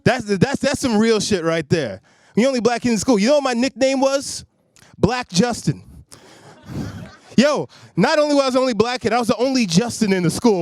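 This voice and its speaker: A man's voice: very high-pitched, animated, a little fast, no room sound, clean studio sound. Loose conversational male stand-up comic. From Long Island, New York. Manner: loose, conversational, addresses crowd directly. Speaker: stand-up comedian. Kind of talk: stand-up comedy set. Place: comedy stage in a studio.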